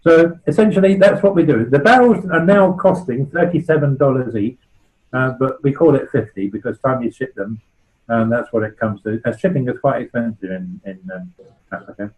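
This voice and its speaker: A man's voice: medium pitch, moderate pace, a little mellow, rough recording. A man in his sixties with a West Country accent, a charity founder giving an informal talk to a club, chatty and anecdotal. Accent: West Country English. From West Country of England. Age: 60s. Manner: chatty and anecdotal, checking in with "right?".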